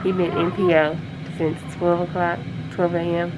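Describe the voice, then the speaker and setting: A woman's voice: on the low side, flat delivery, moderate pace, background noise. A woman vlogging a casual update to her viewers as a mother, chatty and talking straight to camera.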